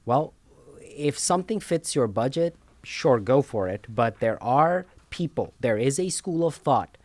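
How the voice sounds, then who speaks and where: A man's voice: mid-range voice, lively intonation, a little slow, a little mellow, no room sound. A man co-hosting a casual talk show, explaining finances emphatically, repeating words and checking in with "okay?" a lot.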